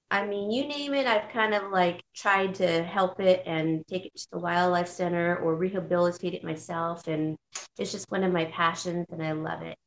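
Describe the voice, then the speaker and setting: A woman's voice: fairly low pitch, a bit bright, reverberant. A woman, a guest on a chat show, telling stories about her work in a chatty way with fillers and laughs. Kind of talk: casual chat.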